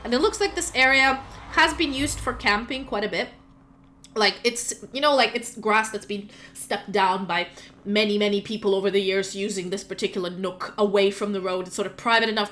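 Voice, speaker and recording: A woman's voice: medium pitch, fairly bright tone. A woman narrating a tabletop game as game master, casual and chatty with frequent fillers.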